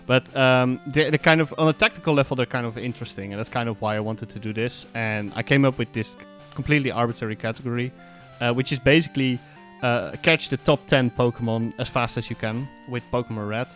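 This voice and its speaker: A man's voice: medium pitch, fairly quick, hardly any pauses, a bit bright, soft background music. Hesitant Dutch man explaining a speedrun. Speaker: speedrunner and commentator. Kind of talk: casual voiceover commentary on gameplay.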